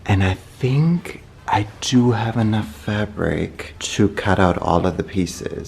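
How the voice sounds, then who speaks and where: A man's voice: low voice, creaky, darkish tone. A man chatting casually as he sews, self-deprecating and laughing often. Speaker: fashion vlogger. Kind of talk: casual chat while sewing.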